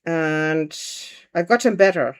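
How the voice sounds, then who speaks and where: A woman's voice: sits low, slow pace, clean tone. A woman hosting a casual livestream, chatting and thinking aloud as she paints and answers viewer comments. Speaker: livestream host.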